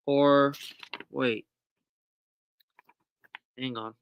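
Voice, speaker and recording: A woman's voice: low-pitched, moderate pace, pushed and bright, clean tone, no room sound. A woman hosting a casual live stream from a small shop, chatty and full of ums and self-corrections. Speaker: shop host on a livestream. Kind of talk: casual live product walkthrough.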